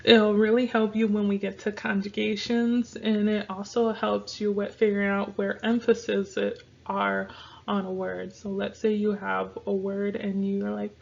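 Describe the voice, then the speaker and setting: A woman teaches a casual online language lesson at an unhurried pace, repeating each word several times so learners can practice. Her voice has a gravelly, creaky edge. The recording sounds dull and lo-fi. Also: mid-range voice, flat delivery, darkish tone. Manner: slow, repeats words for pronunciation practice. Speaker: Spanish teacher.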